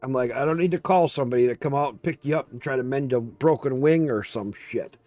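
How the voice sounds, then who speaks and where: Swearing, animated male game streamer. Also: medium pitch, quick pace, no echo, soft background music. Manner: animated storytelling, swears freely. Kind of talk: casual livestream chat.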